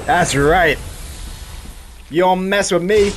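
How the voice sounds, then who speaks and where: Young man, game commentary, slow goofy delivery, slightly high voice, clear game noise underneath. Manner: goofy, joking, bursts of excited yelps. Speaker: gaming YouTuber. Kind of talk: let's play commentary.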